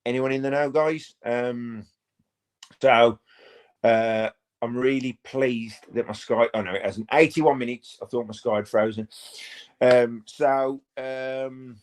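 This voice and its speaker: A man hosting a live football watch-along from home, chatting to viewers in a rambling way and breaking into quick play-by-play. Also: mid-range voice. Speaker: fan channel host.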